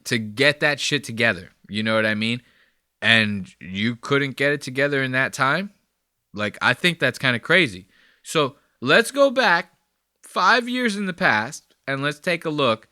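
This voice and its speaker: A man's voice: mid-range voice, pushed and bright, no room sound. A man hosting a podcast, riffing crude and profane comedic commentary in a rambling, conversational way on a close mic. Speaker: podcast host.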